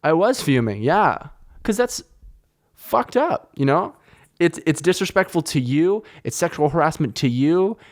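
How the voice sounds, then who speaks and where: A young man with a slightly high voice hosts a podcast, telling anecdotes in a casual storytelling chat at a somewhat slow pace. His retelling is animated, heated, and profane.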